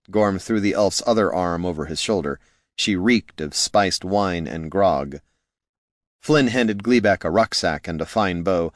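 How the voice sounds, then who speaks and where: Man narrating a storybook, low voice, lively wry delivery, dry close sound. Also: measured pace, no echo. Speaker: audiobook narrator.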